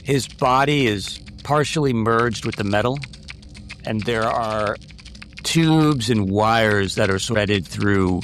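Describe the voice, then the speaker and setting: A man's voice: on the low side, slow pace, a bit bright, a little hiss or hum. A man narrating a tabletop game as its game master, descriptive and given to restarts.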